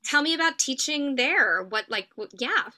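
Podcast host, woman, eager, fumbly, bright and slightly high, faint music behind. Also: expressive, moderate pace. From United States. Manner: enthusiastic, stumbles over words. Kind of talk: podcast interview.

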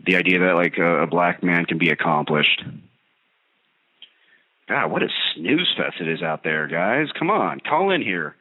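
Sarcastic male radio host ranting, low voice with big swings, thin lo-fi sound. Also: unhurried. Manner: ranting, sarcastic, animated storytelling. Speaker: radio talk show host. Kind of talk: comedic monologue. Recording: tinny phone-like radio line.

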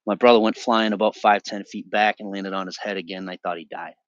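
A man's voice: on the low side, fairly even intonation, fairly quick, dry recording, dull audio. A man in his forties from the Boston area, a podcast guest telling his personal testimony in an intense, emphatic way with frequent restarts. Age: 40s.

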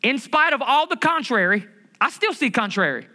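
A male pastor preaching to his church in a high, bright voice. He talks in a lively, conversational way, full of rhetorical questions and humor. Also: normal speed. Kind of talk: sermon. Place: church building.

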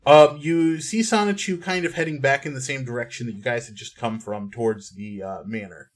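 A man's voice: medium pitch, fairly quick. A man running a tabletop game as game master, describing scenes with frequent ums. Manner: descriptive, hesitant with many ums.

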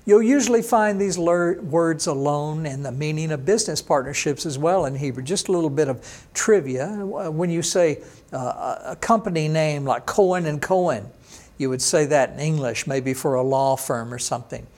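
A man's voice: a little high, darkish tone. A man pastor teaching an online sermon, explaining words step by step and sometimes voicing a listener's questions back to himself.

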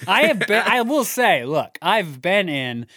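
Man, podcast co-host, casual, earnest, slightly high pitch, dry sound. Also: sing-song, a little slow, pushed and bright, no echo. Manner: earnest, chatty, repeats words.

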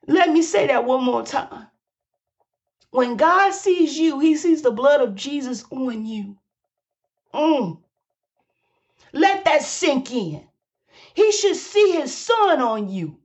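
Woman preaching, high lively voice, fervent, repeats lines, dull lo-fi sound. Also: slow pace, pauses often. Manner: exclaims and hums between phrases. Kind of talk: sermon.

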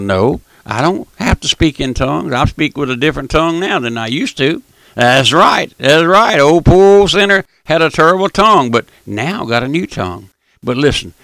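Older man, radio preacher, folksy, repetitive, gravelly voice, higher pitch. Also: fairly bright tone, no echo. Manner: folksy, repetitive, addresses listener as my friend; emphatic bursts, drawn-out stressed phrases. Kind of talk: broadcast sermon.

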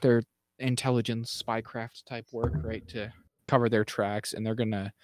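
A man co-hosting a casual podcast, rambling through recaps with fillers and restarts, dropping into quick mimicked lines. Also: medium pitch, little pitch movement, no echo, clean studio sound. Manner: mimics characters in quick acted asides. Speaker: podcast co-host. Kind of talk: casual chat.

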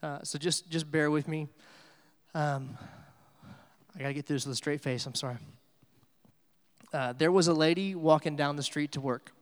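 A man's voice: a little high, steady tone, moderate pace, pauses often, in a large hall. A man preaching a sermon in a church, telling stories in a loose conversational way with many fillers. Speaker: pastor.

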